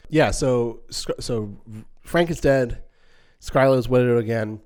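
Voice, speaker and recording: A man's voice: medium pitch, measured pace, darkish tone, smooth. A young adult man, a podcast co-host, retelling a film's scenes in casual chat and acting out characters' lines as he goes. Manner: retells scenes at length with quoted lines, many restarts. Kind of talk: casual film discussion.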